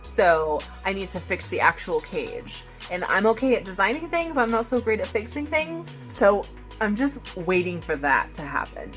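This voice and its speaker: A young adult woman chatting casually in a get-to-know-me vlog, bubbly and excitable, with lots of "like" fillers. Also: mid-range voice, moderate pace, faint music behind. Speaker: vlogger.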